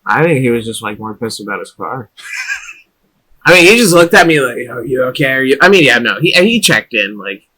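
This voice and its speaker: A young man co-hosting a podcast in casual chat, laid-back and quick to laugh. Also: mid-range voice, sing-song, bright, forceful tone, husky, low-quality recording. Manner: laid-back, laughs easily, drawls "dude". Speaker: podcast co-host.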